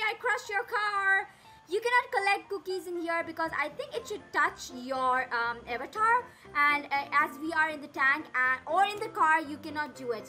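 Woman, gaming commentary, excitable, gasping, very high voice, bright tone. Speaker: gaming channel host.

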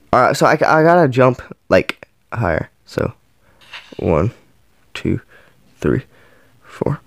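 Lively man counting game flips aloud. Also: mid-range voice, no echo. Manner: counts flips aloud, yelps and groans at misses. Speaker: gaming channel host. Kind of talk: playing a mobile game while counting aloud.

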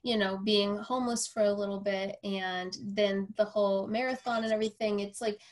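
A woman's voice: mid-range voice, fairly even intonation, normal speed. A woman with a mid-range voice talks through a casual podcast conversation. She tells her story with energy, slipping into quoted voices of herself and others. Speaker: podcast host.

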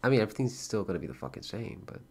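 A man chatting casually as a livestreamer, thanking viewers and donors, swearing freely and getting excited in bursts. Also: lowish voice, very fast, gravelly.

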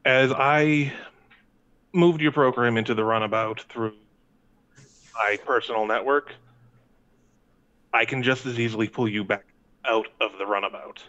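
A man taking part in a tabletop role-playing game, speaking in a formal, measured way. His voice sits mid-range and sounds dull and lo-fi. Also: mid-range voice, a bit bright. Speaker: player. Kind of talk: in-character tabletop play. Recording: lo-fi mic.

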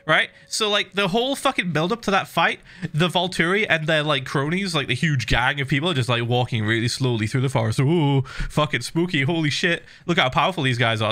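Guy ranting on his stream, voice jumping all over, kinda high, swears constantly. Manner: animated, exasperated ranting with lots of swearing. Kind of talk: casual gaming stream chat.

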